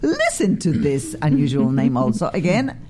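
A woman's voice: wildly swooping pitch, moderate pace, a little mellow, a little hiss or hum. A woman with a Polish accent hosting a radio talk show from a studio, effusive and theatrical. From Poland. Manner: exuberant and theatrical, swooping pitch.

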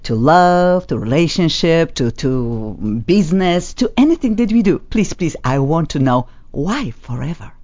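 A woman hosting a talk show with excitable, effusive, slightly non-native phrasing. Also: deep voice, moderate pace, hardly any pauses. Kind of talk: casual chat. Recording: slightly dull lo-fi sound.

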